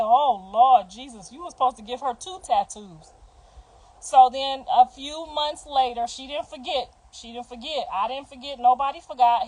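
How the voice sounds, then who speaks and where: A middle-aged woman talks straight into her phone on a livestream, her voice sitting high. She tells family stories bluntly and profanely, acting out what everyone said. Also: darkish tone, low-quality recording. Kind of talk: livestream storytelling.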